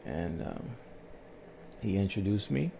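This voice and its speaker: A man calmly telling his life story on his own channel, in a soothing, unhurried way with pauses. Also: deep voice, gravelly, background noise. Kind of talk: slow reflective storytelling.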